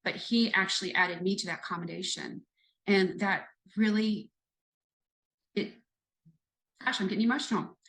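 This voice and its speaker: Woman, 50s, retired police lieutenant, guest; earnest, reflective storyteller, mid-pitched voice. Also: moderate pace, pauses often, a bit bright, rough recording. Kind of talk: conversational storytelling in a podcast interview.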